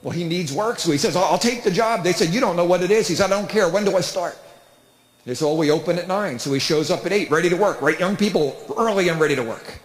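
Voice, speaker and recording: Middle-aged male comic, high voice, spinning animated stories, roomy hall sound. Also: quick pace. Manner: storytelling with big animated voices. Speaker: comedian. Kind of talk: stand-up comedy talk. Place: church hall with live audience.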